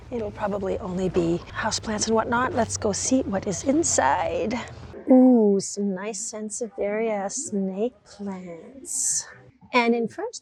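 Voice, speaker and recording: Slow-talking woman vlogging at a garden center. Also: medium pitch, a little mellow, poor audio. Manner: chatty and enthusiastic, addressing viewers as "guys". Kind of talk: casual vlog narration while shopping.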